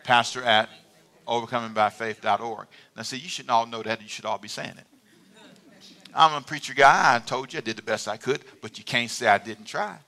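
A man's voice: medium pitch, fairly quick. A male pastor preaching a sermon in a church, talking conversationally with the congregation and calling for amens. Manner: animated, conversational preaching with call-and-response. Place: church sanctuary.

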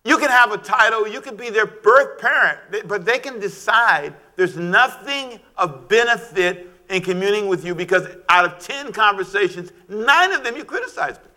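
A middle-aged man preaching a sermon, animated and shouting at times, calling for amens from the congregation. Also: high-pitched, moderate pace, hardly any pauses. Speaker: pastor.

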